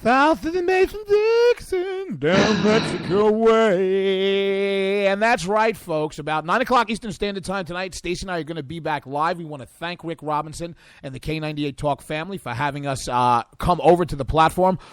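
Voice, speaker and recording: A male radio co-host with a hoarse, allergy-roughened voice that sits a little high for a man. He jokes and teases his audience in casual banter. The studio sound is close and dry. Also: fast, hardly any pauses, a bit bright, no echo. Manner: joking, playful, calls listeners "baby" and "folks". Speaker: radio talk show co-host. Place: studio in northeastern New York.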